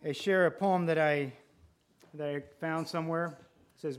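Man preaching a sermon, voice a bit on the high side, slow and emphatic, keeps repeating lines for weight. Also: steady tone, clean tone. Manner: deliberate, emphatic preaching with repetition.

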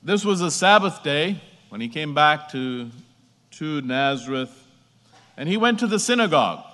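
A man preaching a sermon, slow and emphatic, repeating phrases as he builds. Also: on the high side, lively intonation, bright, forceful tone, big-room sound.

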